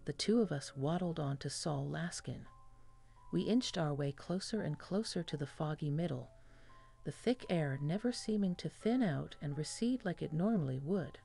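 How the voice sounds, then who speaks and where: A woman's voice: low-pitched, lively intonation, normal speed, creaky, dark tone, faint music behind. A woman reading a first-person horror story as scripted narration.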